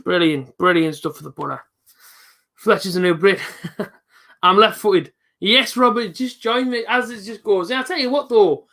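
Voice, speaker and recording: A young man hosting a live football reaction stream, chatting casually with viewers and breaking into excited shouts at big moments. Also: sits high, normal speed. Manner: chatty, jumps to excited shouting at goals, reads out viewer comments.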